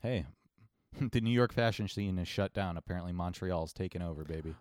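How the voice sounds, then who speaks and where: A man's voice: low voice, a little fast, darkish tone, no room sound, clean studio sound. A man co-hosting a podcast, talking in a sarcastic, rambling, swearing way. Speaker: podcast co-host. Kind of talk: casual chat.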